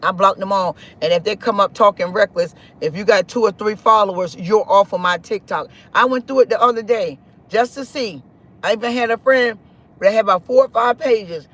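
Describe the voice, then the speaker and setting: A man's voice: high voice, fairly bright tone. A man in his forties giving an emphatic, preachy spiritual talk on a live stream, often repeating his phrases.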